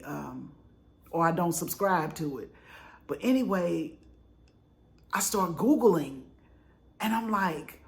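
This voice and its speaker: Middle-aged woman vlogger, animated chatty storyteller, lowish voice. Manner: animated, chatty, dramatic retelling. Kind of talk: casual storytelling.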